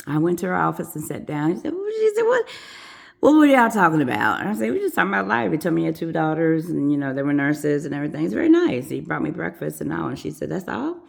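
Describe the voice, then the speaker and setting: Nurse, woman, storyteller vlog; deep gravelly voice, swings widely when quoting people. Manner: animated, acts out quoted voices. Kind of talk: casual storytelling to camera.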